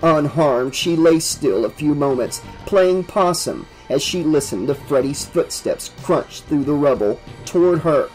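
A man reading a horror novel aloud as an audiobook, in a steady, vivid storytelling manner. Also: a little high, a little slow, hardly any pauses, faint music behind, poor audio. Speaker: audiobook narrator.

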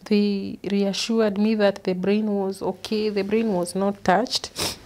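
A woman, an interview guest, recounting a painful personal story in an earnest, halting way, often repeating words. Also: medium pitch, little pitch movement, a little mellow. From Kenya. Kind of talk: personal testimony.

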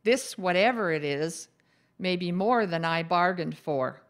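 A woman voicing a bossy, cheerful female ghost who likes to meddle, in a brisk, upbeat way. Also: on the low side, lively intonation.

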